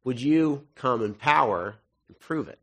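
A man's voice: medium pitch, expressive, a little slow. Man preaching a casual, joking sermon. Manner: jokey, conversational asides between readings. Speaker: pastor. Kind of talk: casual, humorous sermon with scripture reading.

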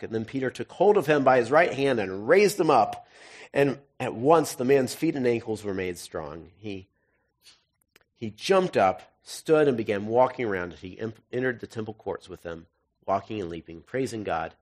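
A man's voice: lowish voice, expressive, moderate pace. A man giving a sermon as pastor, reading scripture and then breaking into jokey, conversational asides.

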